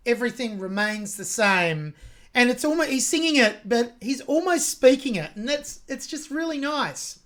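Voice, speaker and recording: A woman's voice: sits high, animated, normal speed, few pauses, fairly bright tone. A woman with an Australian accent hosting a song reaction, talking through a singer's technique with open admiration. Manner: admiring, analytical about vocal technique. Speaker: music reaction host.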